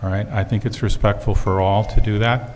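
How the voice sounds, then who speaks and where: Low, flat-voiced meeting chair. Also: male voice, in a large hall, a little hiss or hum. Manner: calm, procedural, measured. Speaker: council chair. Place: council chamber.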